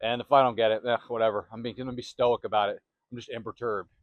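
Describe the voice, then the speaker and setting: A man's voice: mid-range voice, fairly even intonation, fast, no echo, phone-quality sound. A man hosting a self-help channel, giving a motivational talk to camera in emphatic, repetitive, punchy phrases on a close microphone.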